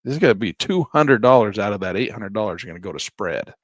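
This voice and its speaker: A man's voice: lowish voice, expressive, fast talker, dry recording, clean studio sound. A middle-aged man, a trading instructor, casually thinking aloud through trades on a live screen-share.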